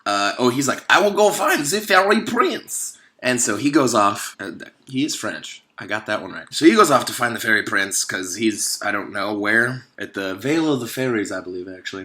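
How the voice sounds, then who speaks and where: A man giving a casual, comedic commentary on a movie, animated and sarcastic, rambling with many fillers. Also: mid-range voice, a little fast, few pauses. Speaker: video host.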